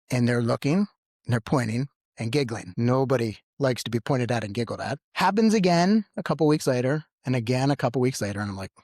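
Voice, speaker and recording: Male podcast co-host, paramedic, lively storyteller, dry close-miked sound. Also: dry recording. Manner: animated storyteller, acts out quotes with big pitch jumps. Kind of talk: storytelling in casual podcast chat.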